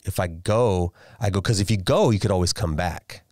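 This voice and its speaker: A deep-voiced man in his forties tells a family story as a podcast guest. He talks casually, restarts sentences and repeats words as he goes. The sound is dry and close, with no room echo. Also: normal speed, a little mellow. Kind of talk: casual interview chat.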